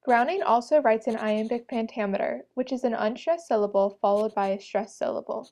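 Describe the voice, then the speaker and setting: A woman reading a prepared script, presenting an educational narration in an even, explanatory way. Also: on the high side, fairly quick.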